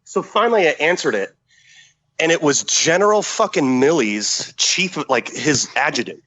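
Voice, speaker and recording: A man's voice: a little high, normal speed, rough recording. Profane storytelling man. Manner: profane, animated, acts out quotes. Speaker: podcast guest, former special forces soldier. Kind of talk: casual storytelling.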